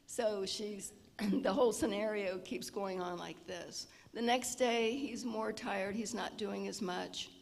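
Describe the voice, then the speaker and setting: A woman giving an informal lecture with storytelling, often clearing her throat. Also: medium pitch, takes it slowly. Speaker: health presenter at a seniors' event. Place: church hall. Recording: long reverb of a large hall.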